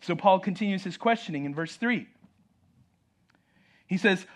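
A man preaching a sermon, animated, with joking asides and acted-out quoted voices. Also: sits high, normal speed, long pauses. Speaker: pastor.

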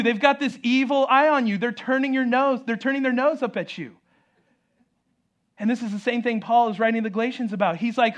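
A man preaching a sermon, animated, with joking asides and acted-out quoted voices. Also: very high-pitched, fairly quick. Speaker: pastor.

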